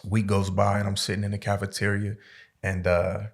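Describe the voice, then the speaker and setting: A man from Stockton, California, guest on a podcast, telling stories in a casual, profane, slangy, animated way. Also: lowish voice, brisk. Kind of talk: casual storytelling interview.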